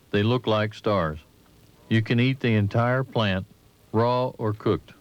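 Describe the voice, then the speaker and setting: A man giving measured, instructive scripted narration for an instructional film, recorded as a voice-over. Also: fairly low pitch, clear, resonant tone. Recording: dull lo-fi 1980s training film audio.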